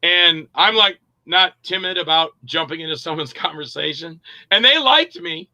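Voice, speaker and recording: A man's voice: on the high side, moderate pace, rough recording. A man, an actor and director, casually telling rambling anecdotes in an interview and acting out other people's lines. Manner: lively storyteller who acts out other people's lines; loose and rambling, with profanity.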